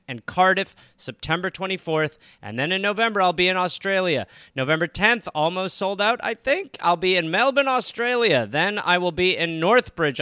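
A man's voice: high-pitched, sharp tone, clear, resonant tone, dry recording, clean studio sound. A comedian reading out his tour dates in an offhand promo. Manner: quick, offhand listing. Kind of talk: promo read.

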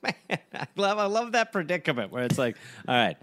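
A man co-hosting a comedy podcast who reacts with quips. His voice sits high and moves all over. The delivery is loose and playful. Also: sing-song, fairly quick, a bit bright, a little hiss or hum. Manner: joking, riffing reactions. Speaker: podcast co-host. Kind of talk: casual comedic banter.

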